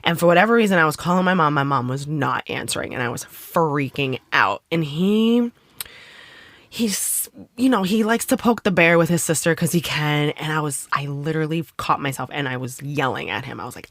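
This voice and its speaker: A woman's voice: low-pitched, normal speed, a bit bright, dry recording. A woman co-hosting a podcast in casual chat, talking candidly and freely with swearing and laughter. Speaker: podcast co-host.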